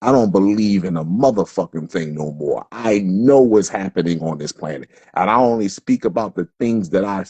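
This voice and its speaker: A man's voice: low voice, lively intonation, moderate pace, hardly any pauses, darkish tone, slightly rough, no echo, highs cut off. A man delivering a heated, profane livestream rant from Philadelphia, stumbling over repeated words as he builds up. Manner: profane, fiery, repetitive, stammering restarts. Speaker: livestream host.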